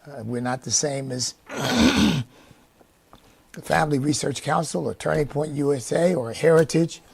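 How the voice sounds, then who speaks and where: A man who leads a conservative organization, giving an earnest, preacher-like speech that asks for support, with many pauses and fillers. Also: a little high, expressive, gravelly, breathy edge.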